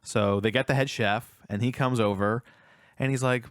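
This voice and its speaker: A man's voice: medium pitch, fairly even intonation, normal speed, no echo, studio quality. A man co-hosting a casual film review podcast, retelling scenes and acting out the characters' lines. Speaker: podcast co-host.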